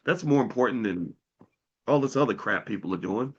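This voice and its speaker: A man's voice: mid-range voice, expressive, a little fast, slightly rough, highs cut off. A middle-aged man giving a finance talk on a livestream, preachy and repetitive, turning heated and profane at times. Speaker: finance educator.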